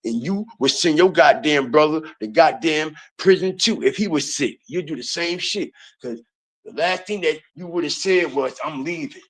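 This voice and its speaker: A man's voice: on the high side, normal speed. A man hosting an online commentary video, ranting in a heated, profane way and repeating his points.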